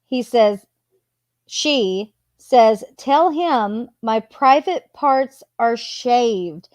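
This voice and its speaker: A woman hosting her channel, reading text messages aloud in a plain, unhurried way and adding casual asides between them. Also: on the high side, lively intonation, a little mellow, no room sound. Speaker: channel host.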